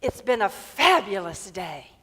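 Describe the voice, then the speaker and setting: A woman's voice: mid-range voice, big pitch swings, unhurried, pushed and bright, breathy edge, full character voice. Mooch, a smug cartoon cat, as a woman tells it. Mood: satisfied. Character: lazy contented male cartoon cat. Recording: long reverb in a hall.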